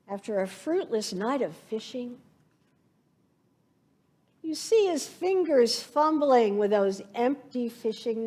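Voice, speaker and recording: A woman pastor preaching a sermon, slow and reflective, painting scenes from scripture for her congregation. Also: high voice.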